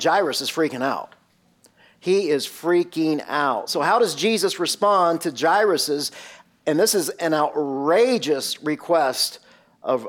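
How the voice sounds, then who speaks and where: A male pastor preaching a sermon, emphatic and full of rhetorical questions. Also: on the high side.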